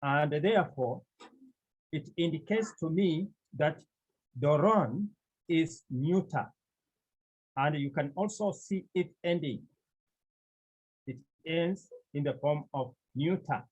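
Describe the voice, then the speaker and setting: Very slow, husky teacher. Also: medium pitch, a little mellow. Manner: repeats each word several times for drilling; patient step-by-step explaining. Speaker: Greek language teacher. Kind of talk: classroom lesson. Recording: dull lo-fi recording.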